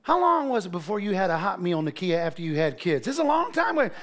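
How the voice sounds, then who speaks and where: A middle-aged male preacher telling funny stories in a sermon, animated and laughing, acting out the voices of others. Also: sits high, fast. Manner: animated, laughing, acts out quotes. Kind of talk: humorous sermon storytelling.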